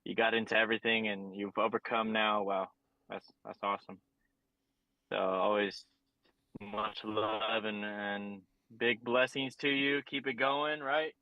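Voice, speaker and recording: A man's voice: lowish voice, little pitch movement, measured pace, dry recording. Upbeat man on dull, dry call audio. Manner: upbeat, many fillers. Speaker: meeting participant. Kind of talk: casual sharing. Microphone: video call.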